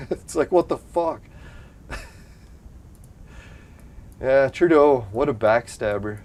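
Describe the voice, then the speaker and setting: A man's voice: medium pitch, expressive, takes it slowly, long pauses, a little mellow. A young adult man from Canada, chatting casually and profanely on a live stream, rambling and laughing often.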